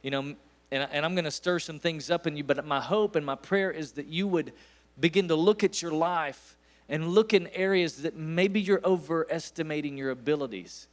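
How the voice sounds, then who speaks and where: A man's voice: on the high side, moderate pace. Guest preacher, man in his forties, East Tennessee accent, storytelling sermon with emphatic peaks. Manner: folksy storytelling, rising to emphatic bursts. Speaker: guest pastor.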